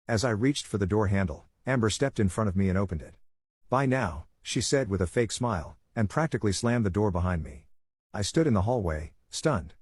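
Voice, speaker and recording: Male narrator, low husky voice, dry close mic, even story read. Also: dry recording.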